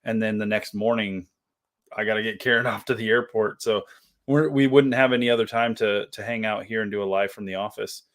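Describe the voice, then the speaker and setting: Man co-host, relaxed, passes along chat comments, chuckles a lot. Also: on the low side, a little fast. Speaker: co-host of a live stream. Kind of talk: casual live-stream chat. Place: office.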